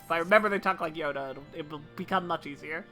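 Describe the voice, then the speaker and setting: A woman streamer making chatty, casual commentary while playing, swearing freely and tossing off quick asides. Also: deep voice, sharp tone, faint music behind.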